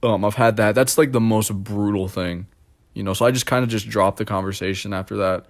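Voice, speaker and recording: Young adult man, slightly low voice, rambling self-deprecating vlog monologue. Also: fairly even intonation, a little fast. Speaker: vlogger. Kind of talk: casual monologue.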